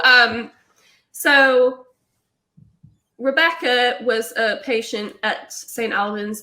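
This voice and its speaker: A young woman, a guest on a talk show, excitedly telling a paranormal story and acting out what was said. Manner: excitable, acts out quotes in a high voice.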